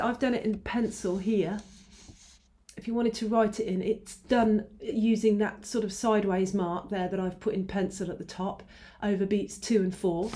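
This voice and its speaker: A woman's voice: mid-range voice, darkish tone, a little hiss or hum. A woman teaching an online ukulele lesson, patiently explaining rhythms and counting beats aloud. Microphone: mic close by, teacher moves nearer. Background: ukulele strumming.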